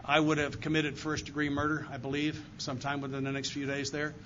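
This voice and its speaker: Before an audience in a meeting room, an older man speaking on the AA circuit offers an earnest, heartfelt recovery testimony. His voice is on the high side, monotone, and brisk. The live talk recording is dull and lo-fi, and the background is noisy.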